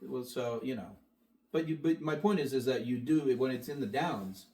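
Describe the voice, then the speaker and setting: A man's voice: medium pitch, normal speed, mellow, recorded from a distance. A man, a comedian guest, talking in a dry, understated way in a comedic interview.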